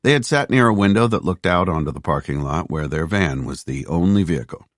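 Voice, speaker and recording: A man narrating a thriller audiobook with a very deep, lively voice. His reading is measured and steady. The sound is dry and close to the mic. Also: no room sound. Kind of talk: scripted narration.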